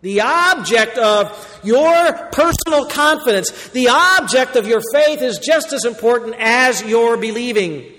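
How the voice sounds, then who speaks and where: A man preaching a sermon as pastor, emphatic, moving between loud declarations and quiet asides. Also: very high voice, measured pace, few pauses, in a large hall.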